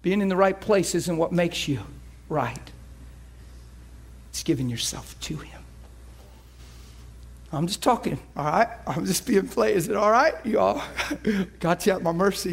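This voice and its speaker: A man's voice: on the high side, gravelly, husky. A male preacher delivering an emotional sermon, moving between playful banter, laughter and earnest prayer.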